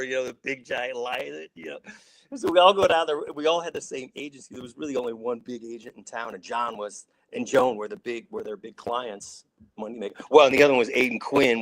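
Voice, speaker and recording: A man's voice: medium pitch, vocal fry, no room sound, poor audio. A middle-aged man from Saint Louis, an actor guest telling rambling stories with many restarts and acted-out quotes. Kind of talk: casual storytelling.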